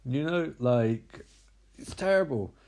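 A man's voice: mid-range voice, lively intonation, slow, gravelly, darkish tone, a little hiss or hum. Sarcastic man riffing on a movie. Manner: sarcastic, profane, rambling. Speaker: movie reviewer. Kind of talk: comedic movie recap.

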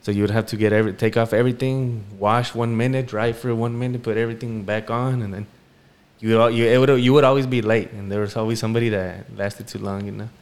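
A man co-hosting a podcast, telling a story in a relaxed, rambling way with many fillers. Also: on the low side, fast, smooth. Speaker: podcast co-host. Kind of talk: casual storytelling chat.

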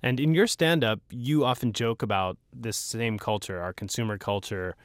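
A man hosting a public radio interview, asking questions in a relaxed, amiable way. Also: medium pitch, moderate pace, no echo, studio quality. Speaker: radio host. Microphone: studio microphone.

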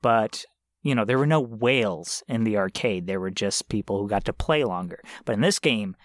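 A man's voice: fairly low pitch, moderate pace, dry recording, clean studio sound. A man co-hosting a podcast in casual chat, earnest and opinionated, now and then swearing. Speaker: podcast co-host.

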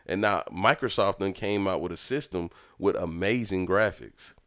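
A young man telling a lively childhood story in casual chat, acting out the people in it. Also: low-pitched, moderate pace. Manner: animated, acts out voices in his story. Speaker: storyteller talking with his mother.

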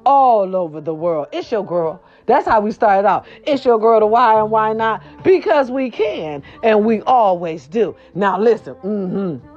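A woman hosting a casual celebrity gossip chat, sassy and animated, repeating her catchphrases, with a sore throat. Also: medium pitch, unhurried, few pauses, muffled recording. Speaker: gossip vlog host.

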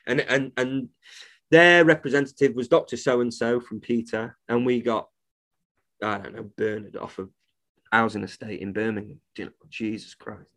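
A man's voice: mid-range voice, fairly even intonation, moderate pace, a bit bright. A man, a reptile shop owner, talking bluntly and indignantly as a podcast guest and swearing freely. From United Kingdom. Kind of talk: casual podcast conversation.

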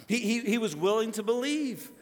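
Man, fifties, pastor preaching, high voice, long reverb, animated sermon delivery. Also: moderate pace. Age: 50s. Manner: animated, swings from loud exclamations to hushed emphasis.

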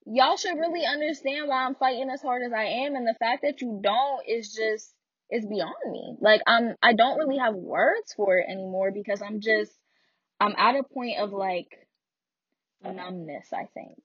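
A young woman speaks her mind in a frank, animated way, laughing between points. Her voice is fairly high and a little husky. It sounds dull and dry, with no room around it. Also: moderate pace, no echo. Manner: blunt, frank and animated, with frequent laughs and asides. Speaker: speaker sharing personal story. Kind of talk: candid personal monologue.

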